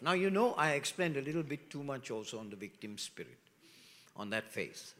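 A middle-aged man preaching a sermon as pastor, with animated rhetorical questions, dropping to hushed asides and rising loud again. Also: medium pitch, normal speed. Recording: long reverb of a large hall.

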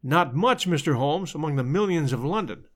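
A man's voice: on the high side, lively intonation, normal speed, natural voice. A man reading aloud and voicing a plain-spoken, matter-of-fact police inspector. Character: blunt, prosaic male police inspector.

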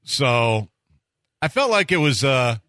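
A man's voice: medium pitch, sing-song, slow pace, bright, forceful tone, dry recording, studio quality. A man hosting a sports talk radio show, chatting in an easygoing, hesitant way with many fillers. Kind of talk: casual radio banter.

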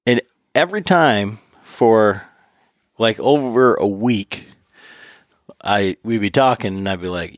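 A man hosting a podcast in casual chat, animated and acting out quotes as he tells stories. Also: medium pitch, a little slow, pauses often, dry recording, clean studio sound. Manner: animated, acts out quotes with laughs. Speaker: podcast host.

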